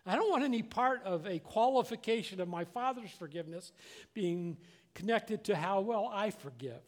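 With a high voice, lively intonation and a moderate pace, an older pastor preaches a sermon in a conversational style. He comes across as earnest and plainspoken, frequently starting over and repeating himself.

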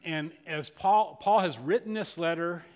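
A man's voice: on the high side, a little slow, a little mellow, long reverb tail. An older man, a pastor, telling a story in a folksy, conversational sermon with many restarts.

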